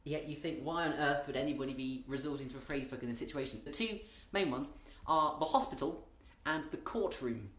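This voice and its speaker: A British man talks through a comic monologue in a wry, meandering way. He keeps stopping mid-thought to restart, and his voice sits at an ordinary middle pitch. The room around him rings with noticeable echo. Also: fairly quick, few pauses, a bit bright. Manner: wry, rambling, self-interrupting. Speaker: comedian.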